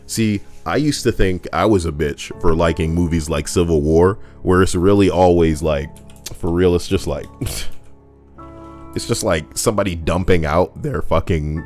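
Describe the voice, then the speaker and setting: A man's voice: sits low, moderate pace, a little mellow, faint music behind. A man doing comedic commentary as a streamer reading online posts, crude and jokey, slipping into silly voices and singing.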